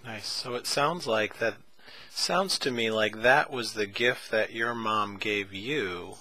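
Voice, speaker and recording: A man hosting an interview, calmly and slowly reflecting the guest's words back to him. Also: fairly low pitch, rough recording. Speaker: interviewer, host.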